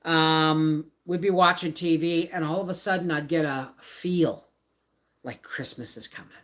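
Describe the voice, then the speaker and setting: A woman in her fifties from Canada talks through a home live stream in a low, unhurried voice. She rambles, reads the chat and answers viewers as she goes. She is picked up by a camera set across the room. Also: a bit bright. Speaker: homestead vlogger hosting a livestream. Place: home, by the laundry baskets.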